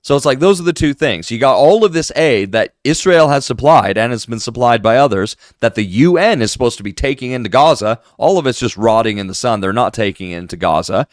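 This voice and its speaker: A man's voice: medium pitch, no room sound, studio quality. A man hosting solo political commentary, indignant and ranting passionately.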